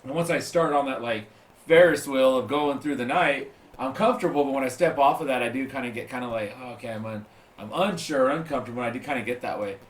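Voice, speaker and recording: A man talking quickly and easily in a casual podcast chat, full of filler words. His voice bounces around a roomy, echoey space. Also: mid-range voice. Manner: fast, relaxed and chatty with many fillers. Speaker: podcast host and singer.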